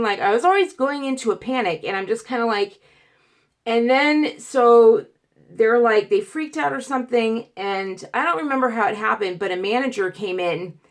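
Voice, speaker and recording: A woman vlogger telling a story in a casual, animated way, acting out quotes, stuttering and restarting as she goes. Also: a little high, moderate pace. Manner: animated, acts out quotes, grows loud and emotional.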